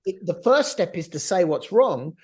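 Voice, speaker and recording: A man's voice: high voice, normal speed. A middle-aged man co-hosting a business podcast, talking animatedly and acting out quoted voices in a casual discussion. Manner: animated, acts out quotes of others. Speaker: podcast co-host.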